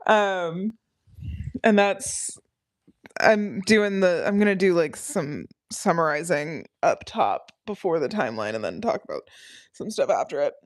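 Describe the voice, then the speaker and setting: A woman's voice: lowish voice, animated, a little slow. A woman chatting casually on a live study stream, rambling with frequent ums and laughing often. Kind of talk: casual livestream chat.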